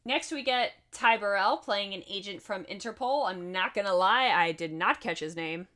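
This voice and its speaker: A woman's voice: mid-range voice, moderate pace, bright, forceful tone. Chatty woman co-hosting a film recap. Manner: chatty and laughing, with asides. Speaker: podcast co-host. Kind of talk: casual chat recapping a film.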